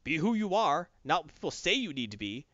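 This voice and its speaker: A man's voice: fairly high pitch, sing-song, a little fast, a bit bright, no echo, muffled recording. A man doing a blunt woman warrior. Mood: stern.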